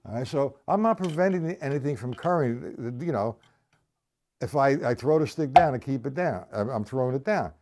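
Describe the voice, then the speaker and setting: Man, drum teacher, live stream lesson, lively pitch, conversational, repetitive. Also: normal speed, a little hiss or hum. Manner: animated, conversational, repeats points, checks in with viewers. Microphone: live stream camera mic.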